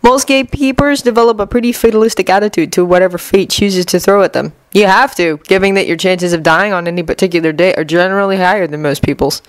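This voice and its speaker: A calm young man with no memory of his past talks in an easy, wry and unhurried way, read by a woman in her own voice. The recording is close and dry. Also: on the low side, dry recording, lightly acted, poor audio.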